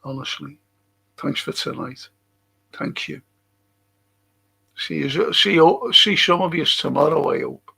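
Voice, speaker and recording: Gravelly, husky man chatting slowly. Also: fairly high pitch, sharp tone. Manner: rambling, sweary, chuckling to himself. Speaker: livestream host. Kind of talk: casual late-night livestream chat.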